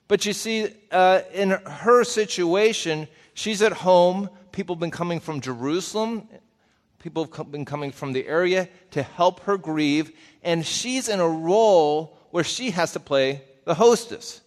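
A man's voice: high voice, measured pace. A man in a somewhat raised register preaches a conversational Bible teaching. He keeps it folksy and turns to his listeners with direct questions, and his words ring out with the long reverb of a big hall.

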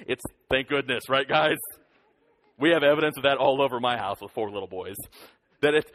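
A man in his thirties giving a lively children's sermon, leading the kids in call-and-response. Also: on the high side. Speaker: children's pastor. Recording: long hall reverb.

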